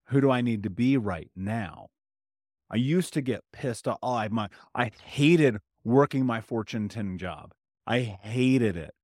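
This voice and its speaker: A man talking straight to his listeners as a healing coach, at a middling pitch, plain-spoken and conversational. The sound is close and dry, with no room around it. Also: a little mellow, dry recording. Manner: direct, conversational, often asks "right?"; plain-spoken, with casual swearing. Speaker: trauma healing coach and podcast host. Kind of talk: motivational solo podcast talk.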